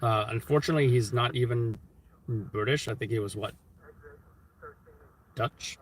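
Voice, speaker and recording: A man's voice: medium pitch, normal speed, slight background noise, rough recording. A man hosting a live stream, chatting casually and rambling, often stopping to correct himself as he muses aloud. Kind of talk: casual chat while streaming. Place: street-level city live stream.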